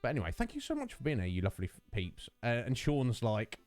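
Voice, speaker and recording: A young man chats casually with his viewers, drifting between thoughts and filling pauses. His pitch swings widely from low mutters to high bursts. Faint music plays in the background. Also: wildly swooping pitch, darkish tone, dry recording. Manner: rambling, many fillers, self-mocking. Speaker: livestream host.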